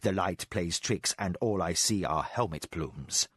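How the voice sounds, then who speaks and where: A cool-headed spy master who keeps his words few and his voice down low, as a male narrator puts him on. He sounds dark and flat in a dry, close audiobook read, every line clipped and measured. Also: slightly rough, dry recording, heavily acted. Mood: hushed. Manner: low, hushed and terse. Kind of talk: audiobook character voice.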